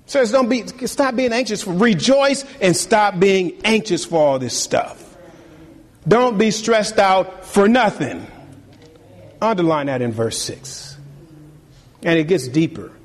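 High-voiced animated pastor preaching. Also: male voice, takes it slowly, in a large hall. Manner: animated preaching, repeats phrases, talks to the congregation. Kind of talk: sermon. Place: church sanctuary.

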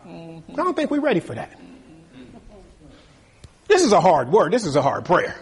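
A man preaching a sermon in an animated, conversational way, acting out little asides to the congregation. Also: high voice, normal speed, long pauses, slightly rough.

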